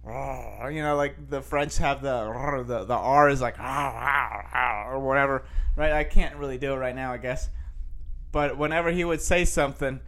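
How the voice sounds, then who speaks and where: A man's voice: medium pitch, moderate pace, fairly bright tone. A man hosting a casual show, rambling through news headlines with lots of fillers and restarts.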